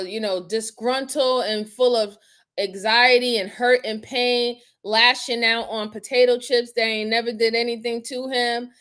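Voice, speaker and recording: High-voiced blunt woman commentator. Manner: animated, slangy, blunt. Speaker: host reviewing crime footage. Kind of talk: casual commentary.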